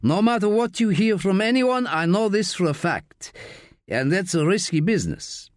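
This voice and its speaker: A man voicing a wiry, menacing bar owner with a clipped Eastern European accent and a deadpan manner, in an audiobook. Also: high voice, moderate pace, dry recording, clean studio sound, pitched above the performer's own voice. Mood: cool menace.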